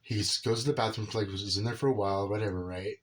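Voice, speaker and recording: A man's voice: fairly low pitch, steady tone, quick pace, a bit bright. A man rambling casually through a personal story about his son, filling his talk with "right?" and "dude". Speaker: father telling a personal story.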